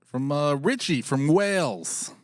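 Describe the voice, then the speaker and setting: A man on a podcast cueing up voicemails, talking in a quick, halting way. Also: fairly high pitch, lively intonation, no room sound, studio quality. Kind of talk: casual podcast banter.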